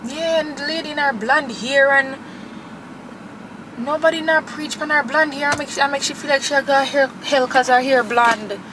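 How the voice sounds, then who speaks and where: A woman's voice: high voice, fairly even intonation, normal speed, background noise. A young woman, chatting and gushing to camera as a vlogger from her car. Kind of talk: casual chat to camera.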